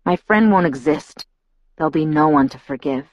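A woman's voice: low voice, animated, moderate pace, a little mellow, no room sound, low-quality recording. A woman reading a novel aloud, voicing a brooding teenage boy who speaks in a grave, bitter way. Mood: grim.

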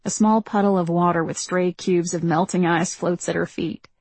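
A woman narrating a first-person novel in a measured, reflective telling. Her voice sits low with a husky, breathy texture, and the close studio sound is dry and without room echo. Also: fairly even intonation, a little mellow. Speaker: audiobook narrator.

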